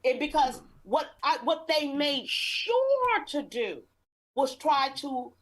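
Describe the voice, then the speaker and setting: Slow, lively-pitched woman commentator. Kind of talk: political talk radio commentary.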